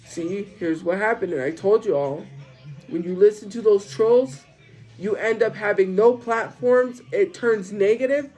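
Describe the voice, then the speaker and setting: Slow, rambling livestreamer, voice low from illness. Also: a little mellow, soft background music, rough recording. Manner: slow, rambling rant that drifts into chat replies. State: voice deepened from recent illness. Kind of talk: casual livestream chat. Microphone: streaming setup.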